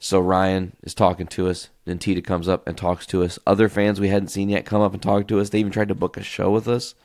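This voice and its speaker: Male solo podcast host, low gravelly voice, loose storyteller who swears casually, close mic. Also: a little fast, dry recording. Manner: animated, tells stories by acting out quoted voices.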